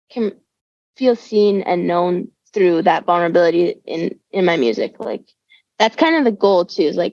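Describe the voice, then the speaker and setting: A woman's voice: medium pitch, a little mellow, no room sound. Young female musician guest, casual slangy chat, dry lo-fi audio. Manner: laid-back slangy talk, says dude and bro. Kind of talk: casual conversational interview. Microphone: remote call. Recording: dull, dry lo-fi call audio.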